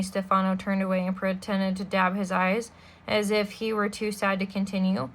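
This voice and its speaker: A woman reading a children's novel aloud in a steady, expressive way. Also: mid-range voice, normal speed. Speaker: storybook reader.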